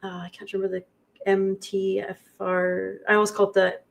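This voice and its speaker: A woman guest in a livestream conversation, speaking in a halting, reflective way with many pauses. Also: mid-range voice, level tone, gravelly. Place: indoor studio.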